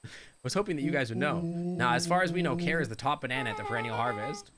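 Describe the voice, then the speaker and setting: A man's voice: on the high side, quick pace, over a noisy crowd. A Canadian man streaming a game live, rambling and joking with his viewers. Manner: rambling, jokey, chatting with viewers.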